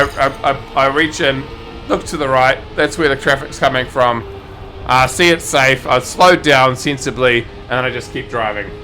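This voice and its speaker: A man with a New Zealand accent chats casually on stream, rambling and cursing offhandedly. His voice is mid-pitched and bright, with faint music playing behind. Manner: rambling, swears casually, self-correcting. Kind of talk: casual storytelling while gaming.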